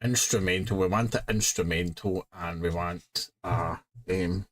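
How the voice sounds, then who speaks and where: A man's voice: sits low, steady tone, measured pace, a bit bright, poor audio. A Scottish man chatting casually on a live stream, muttering to himself as he works.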